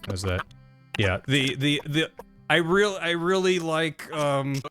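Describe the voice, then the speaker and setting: A man streaming and narrating a comedic recap in an animated, rambling, self-mocking way. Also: a little high, takes it slowly, soft background music.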